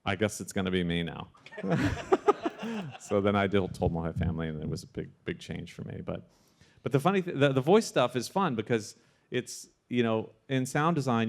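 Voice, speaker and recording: Man telling a lively anecdote. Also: on the low side. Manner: animated anecdote-telling with frequent restarts. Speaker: sound supervisor guest. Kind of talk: casual storytelling interview.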